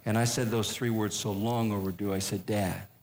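An older man telling a humorous personal story to a live audience, conversational with deadpan punchlines. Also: on the low side, brisk. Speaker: comedic speaker.

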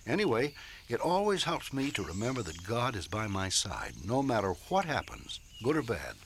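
A man playing a kind adult comforting a frightened boy in a radio drama, gentle and fatherly. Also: mid-range voice, wildly swooping pitch, normal speed, slight background noise.

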